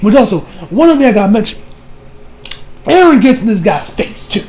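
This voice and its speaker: Man, high voice, casual anime review, profane, animated rant. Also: brisk, poor audio. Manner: profane, animated, mimics characters in quotes.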